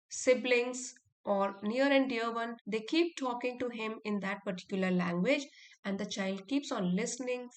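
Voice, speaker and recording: A woman with an Indian accent teaching spoken English, explaining slowly and deliberately. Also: fairly high pitch. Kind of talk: instructional talk to learners.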